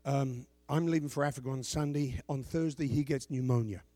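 A middle-aged male pastor preaching a sermon. He reads scripture loudly and drops into quiet asides. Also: fairly quick, no echo. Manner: animated preaching, swings from shouted scripture to low asides.

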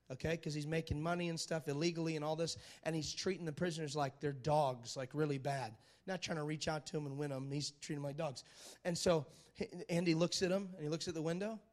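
Male preacher, high voice, animated storyteller, repeats himself for emphasis, checks in with the crowd. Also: fairly quick. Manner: animated, dramatic storyteller who asks the crowd for agreement. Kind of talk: sermon with a retold film story.

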